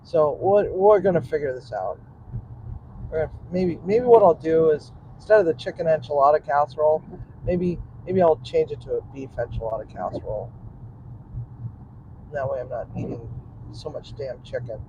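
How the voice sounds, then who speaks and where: A man's voice: a little high, normal speed, mellow, muffled recording. A man, a cook and vlogger, rambling casually to his audience from his car in traffic, laughing often and muttering asides. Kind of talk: casual rambling monologue while driving.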